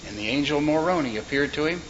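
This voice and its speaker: A man's voice: a little high, animated, fast talker, fairly bright tone. A man preaching a sermon in a folksy way, with joking asides and short told stories. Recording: dull lo-fi recording with faint background noise.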